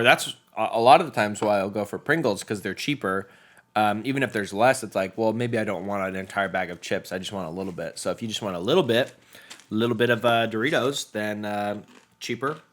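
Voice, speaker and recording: A man's voice: lowish voice, a little fast. A young man co-hosting a snack-tasting podcast, chatting casually in a rambling, jokey way and laughing often. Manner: laid-back, rambling, jokey with frequent laughs. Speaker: podcast co-host.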